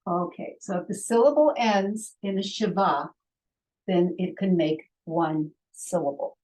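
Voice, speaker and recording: A woman's voice: lowish voice, measured pace, a little mellow, poor audio. A woman teaching a language lesson, patiently sounding out syllables one at a time and repeating drills.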